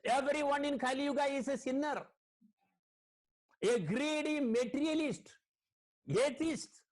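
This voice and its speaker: A man's voice: very high-pitched, measured pace, voice pushed up. A man voicing a weeping female Mother Earth goddess, pleading and complaining, in a sermon story. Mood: distressed pleading.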